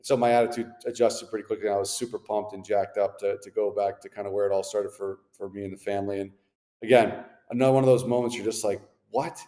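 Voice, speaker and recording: A man's voice: lowish voice, quick pace. A man in his thirties, a former hockey player, telling laid-back, slangy stories as an interview guest. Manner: laid-back, animated anecdotes with slangy asides. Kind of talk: casual storytelling interview. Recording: echoey room with long reverb.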